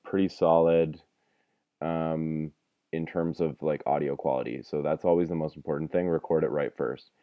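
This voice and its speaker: A man's voice: low-pitched, clean tone, no room sound. A young man teaching an audio lesson in a chatty, self-deprecating way, rambling with fillers, recorded with a dry, thin, phone-like sound. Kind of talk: casual screen-recorded tutorial.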